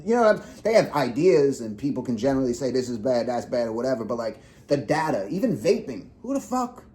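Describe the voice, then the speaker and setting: A man's voice: medium pitch, very animated, fast, warm tone. A young man co-hosting a podcast, rambling in casual chat with heavy swearing and lots of fillers. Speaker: podcast co-host.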